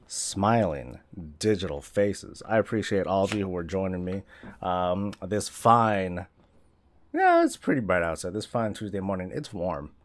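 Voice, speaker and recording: A man hosting a casual morning live stream, rambling and self-deprecating as he chats with viewers. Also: fairly low pitch.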